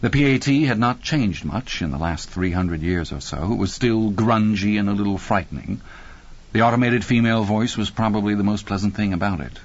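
Deep-voiced man reading a story. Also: normal speed, breathy edge, highs cut off. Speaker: audiobook narrator. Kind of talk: scripted narration.

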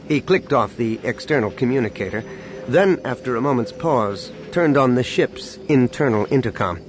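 A man reading a science-fiction novel aloud in measured scripted narration. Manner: measured, dropping low on sad lines. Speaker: audiobook narrator. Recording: steady background noise.

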